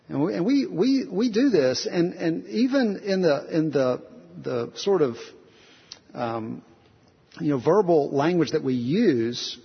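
A man's voice: a little high, very animated, slow pace, vocal fry, breathy edge. A male pastor preaching a conversational sermon, earnest, repeating phrases and restarting sentences, with many rhetorical questions. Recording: dull lo-fi sound with long hall reverb.

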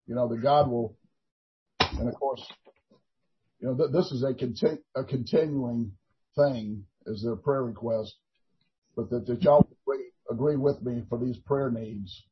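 An older man, a minister giving an earnest, halting testimony in a Christian talk show interview, full of restarts. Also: mid-range voice, slightly rough. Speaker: prison minister. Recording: dull lo-fi recording.

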